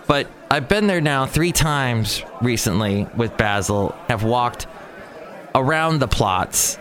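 A man's voice: lowish voice, a bit bright. A man hosting his own show, talking in a rambling, chatty comic monologue with self-mocking asides. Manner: chatty, self-mocking, swings into impressions and exclamations.

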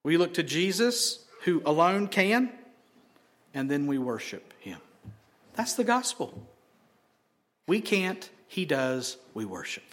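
A male pastor preaching a sermon and closing in prayer, rising loud on key phrases and dropping to a whisper. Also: fairly high pitch, sing-song, takes it slowly, pauses often.

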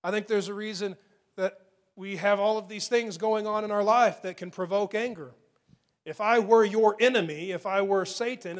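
Man preaching, high voice, earnest, repeats phrases, slows to stress words. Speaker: pastor. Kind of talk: sermon.

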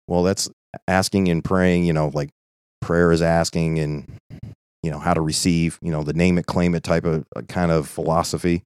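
A man with a very low voice teaches scripture in an earnest, conversational way. He drives points home and keeps checking in with his listeners. The sound is close and dry. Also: little pitch movement, normal speed, darkish tone, smooth, no room sound. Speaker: Bible teacher. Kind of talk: informal Bible study.

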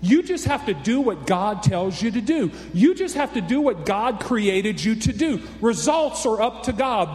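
A man's voice: sits high, very animated, a little slow, few pauses, darkish tone. A man preaching a folksy, exclamatory sermon, often calling out for an amen. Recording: echoey hall reverb.

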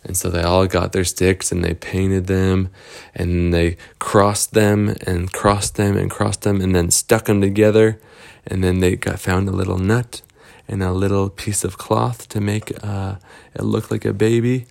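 A man improvising a story aloud, halting with fillers and repeated words. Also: low voice, level tone, creaky, darkish tone.

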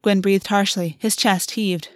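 A woman narrating a novel in an even, measured audiobook reading. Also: medium pitch, dry recording, clean studio sound. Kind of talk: scripted narration.

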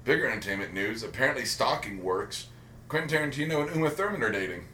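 A man's voice: mid-range voice, lively intonation, fast talker, pushed and bright. Rambling, profane man in an echoey room. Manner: rambling, profane, self-mocking. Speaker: podcast co-host. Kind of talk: casual pop-culture chat. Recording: roomy echo with faint background hiss.

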